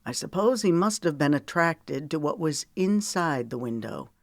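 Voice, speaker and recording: A weary, protective man, as a woman narrator puts him on in an audiobook. He talks bluntly and earnestly in a low register. The recording is close and dry. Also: animated, moderate pace, no echo. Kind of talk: audiobook character voice.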